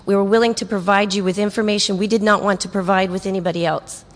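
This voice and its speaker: A woman's voice: mid-range voice, fairly even intonation. Earnest woman addressing a council. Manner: earnest, firm, slightly halting. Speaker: public commenter. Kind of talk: public comment at a city meeting. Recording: echoey council chamber.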